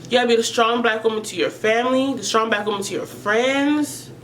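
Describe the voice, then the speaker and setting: A woman's voice: on the high side, brisk, poor audio. Earnest emotional woman vlogger. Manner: earnest, emotional, repeats phrases. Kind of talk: personal vlog about mental health.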